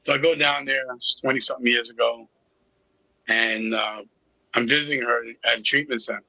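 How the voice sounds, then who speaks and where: Middle-aged man, interview guest, very bright tense tone, raspy, candid and sarcastic, lo-fi recording. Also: medium pitch, fairly even intonation, a little fast, no echo. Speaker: interview guest, recovery coach. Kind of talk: personal storytelling in conversation.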